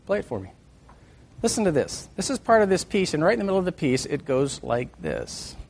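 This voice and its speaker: A middle-aged man leads a church music lesson in a fairly high voice. He talks with lively energy, joking with his listeners and breaking into sung and hummed examples to make his point. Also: fairly quick, vocal fry, a little hiss or hum. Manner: animated, sings and hums examples, jokes with the class. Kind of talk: teaching a class on music and faith.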